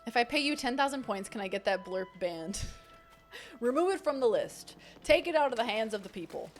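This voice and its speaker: A woman's voice: fairly high pitch, animated, normal speed, soft background music. A young woman streamer chatting casually and playfully with her viewers while playing a game. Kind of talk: casual livestream gaming chat.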